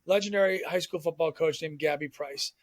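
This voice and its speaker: Fast-talking animated male storyteller. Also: on the high side, no room sound. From Southern Maine. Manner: animated storyteller, quick and chatty. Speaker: guest, former TV sports reporter. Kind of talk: casual podcast storytelling.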